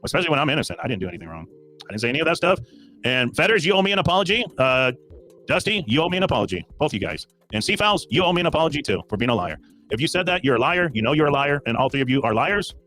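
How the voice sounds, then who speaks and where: Over soft background music, a livestream host argues heatedly with a caller, speaking very fast in a sharp, medium-pitched voice with big pitch swings. He's defensive and insistent, repeating himself as he defends his position again and again.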